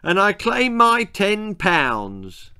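A man's voice: high-pitched, wildly swooping pitch, drawn-out words, pushed and bright, smooth, no echo, clean studio sound, voice pushed up, heavily acted. A man voicing a scheming, lying girl who coolly passes off fakes as the family cat. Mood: cheeky. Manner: brazen, matter-of-fact.

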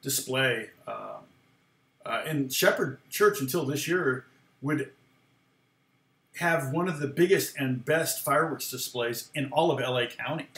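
A man's voice: mid-range voice, unhurried, a bit bright, roomy sound. A man casually telling a long personal story, rambling, often laughing and acting out what people said. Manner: rambling, laughs often, acts out quoted lines. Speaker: guitar teacher and former worship leader.

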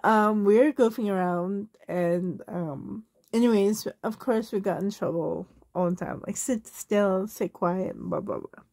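With vocal fry and a darkish tone, this mid-range female voice moves unhurriedly, barely pausing, in echo-free studio sound. A Canadian vlogger in her forties, she answers a tag video with rambling family stories, laughing and filling gaps with fillers.

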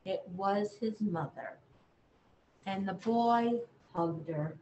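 A woman librarian reading a bedtime picture book aloud, gently talking to young children in an echoey room. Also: mid-range voice, takes it slowly, dull audio, a little hiss or hum. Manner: gentle, sing-song, talks to children.

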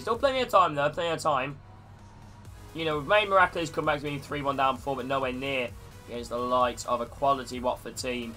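A man's voice: mid-range voice, fairly quick, bright, forceful tone, soft background music. A man live-streaming a football video game, calling the play and greeting his chat viewers. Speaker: gaming streamer.

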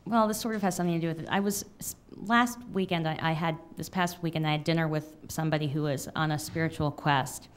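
A woman in her thirties, an author reading a confessional memoir aloud in a wry manner, then answering questions with halting fillers. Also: low voice, fairly even intonation, clean tone. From United States. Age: 30s.

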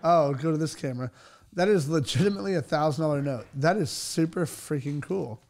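A man's voice: fairly high pitch, fairly quick, a little mellow. A man co-hosting a casual podcast, reacting with enthusiasm and easy laughter. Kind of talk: casual chat.

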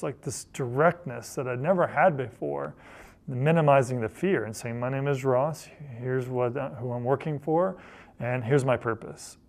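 A man's voice: medium pitch, creaky. A middle-aged man, a photojournalist, telling personal stories in an earnest, reflective way, often repeating phrases as he gathers his thoughts. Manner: earnest, repeats phrases while thinking, quotes others in passing.

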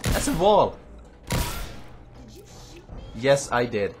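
Excitable young man, swinging pitch. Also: a little slow. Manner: excitable, swearing, teasing his teammate. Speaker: let's play host. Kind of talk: casual gaming commentary. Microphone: webcam mic. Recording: noisy low-quality webcam audio.

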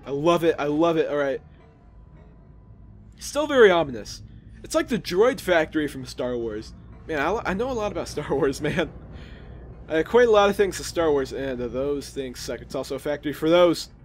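A young man talks through a video game in a loose, chatty way, cracking jokes and reacting on the spot. His slightly high voice swings up and down a lot. Soft game music plays under him. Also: very animated, normal speed. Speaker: gaming video host. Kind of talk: casual let's play commentary.

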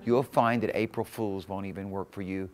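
A pastor preaching a fervent sermon in a church, surging loud on key phrases and chuckling between points. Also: male voice, low-pitched, fairly even intonation, moderate pace. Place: church sanctuary.

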